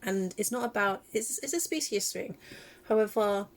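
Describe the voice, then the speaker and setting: A woman vlogger talking casually in a reaction video, emotional and animated, laughing often. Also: mid-range voice, normal speed.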